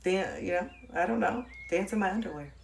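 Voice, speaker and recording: A woman's voice: medium pitch, fairly quick, gravelly, a little hiss or hum. A woman on a livestream giving a blunt, profane motivational talk, repeating points for emphasis and laughing often.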